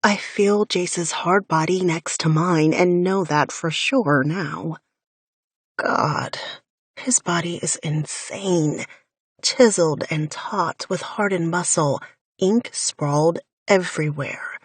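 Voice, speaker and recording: A woman's voice: on the low side, takes it slowly, breathy edge, no room sound. A woman narrating a first-person romance audiobook in an intimate, wry inner-monologue voice, recorded close on a studio mic.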